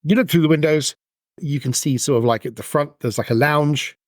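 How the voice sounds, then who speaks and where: A man's voice: fairly high pitch, a little fast, no echo, studio quality. Rambling man running a tabletop game. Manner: rambling, filler-heavy description. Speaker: game master.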